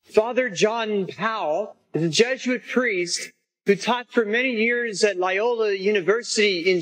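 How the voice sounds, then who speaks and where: Slow-speaking priest telling a story. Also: male voice, high voice, rough recording. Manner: gentle, unhurried storytelling. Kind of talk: homily storytelling.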